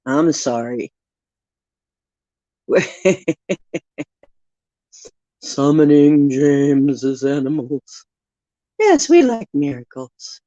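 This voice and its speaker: Her voice is low, warm and very animated as she hosts a relaxed live stream, slowly reading oracle cards and joking at her own expense. No room sound comes through, but the audio is dull and lo-fi.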